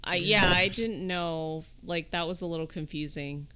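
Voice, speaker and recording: A woman co-hosting a casual film discussion podcast, talking in a thoughtful, measured way. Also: on the low side, bright, forceful tone, smooth.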